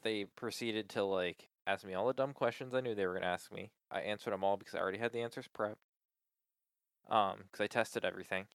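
Annoyed guy ranting about tech support, lowish smooth voice, dry close sound. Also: brisk, fairly bright tone, no room sound. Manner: exasperated venting with frequent swearing and many "like"s. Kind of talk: casual chat.

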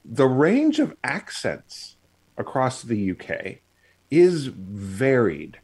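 A man's voice: mid-range voice, wildly swooping pitch, slow, darkish tone, breathy edge. A man co-hosting a casual chat on a video call, explaining with many fillers and restarts. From United States. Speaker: podcast co-host.

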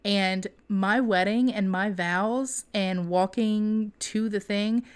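A young woman co-hosting a podcast, telling a story in a casual, animated way with laughter. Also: medium pitch, takes it slowly, clear, resonant tone. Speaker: podcast co-host.

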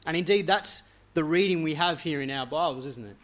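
A man's voice: a little high, a little fast, a bit bright. A man preaching a sermon, earnestly walking through a scripture passage and letting his voice drop at the ends of phrases. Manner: earnest expository preaching, leaning into quoted scripture.

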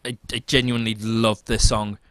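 A man's voice: on the low side, little pitch movement, normal speed, fairly bright tone, dry recording, studio quality. A man co-hosting a casual podcast chat, talking about the things he loves with gushing enthusiasm. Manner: enthusiastic, gushing fan talk. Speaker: podcast co-host.

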